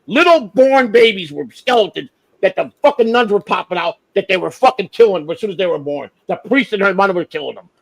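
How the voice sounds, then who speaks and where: A man hosting a livestream, ranting with heavy swearing, flaring loud and then dropping to a mutter. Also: sits high, animated, a little fast, vocal fry, low-quality recording. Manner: profane, heated, swings from shouting to muttering. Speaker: livestream host. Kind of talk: unscripted livestream rant.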